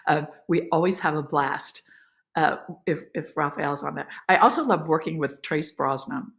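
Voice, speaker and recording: An actress as a podcast guest, telling emotional behind-the-scenes stories in a lively, filler-filled way. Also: female voice, low voice, moderate pace, creaky. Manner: animated, emotional, many fillers. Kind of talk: casual interview storytelling.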